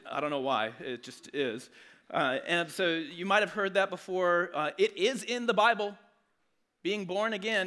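A man delivers a sermon in a conversational, earnest way, restarting phrases as he goes. His voice sits high and sounds bright and forceful. He swings from loud emphasis to quiet, low asides. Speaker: pastor.

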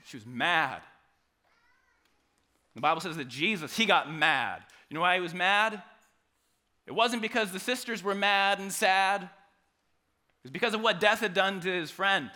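A man preaching a sermon, moving from hushed, quiet passages to loud, animated retellings. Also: high-pitched, moderate pace, long pauses. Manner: dynamic preaching, drops to soft quiet passages and rises to loud acted quotes. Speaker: pastor.

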